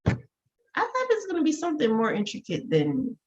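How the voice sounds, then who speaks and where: A woman's voice: high-pitched, wildly swooping pitch, normal speed, highs cut off. A woman co-hosting a casual TV review chat, throwing in wry, teasing remarks. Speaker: co-host.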